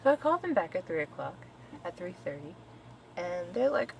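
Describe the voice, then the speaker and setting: A woman's voice: fairly low pitch, big pitch swings, moderate pace, creaky, a little mellow, slight background noise, rough recording. A woman vlogger telling a story at home in a casual, exasperated, profane venting rant.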